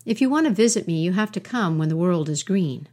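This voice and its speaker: A woman voicing a calm, wise male frog who speaks gently and instructively in a storybook tale. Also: on the low side, brisk, close to an everyday voice. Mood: welcoming.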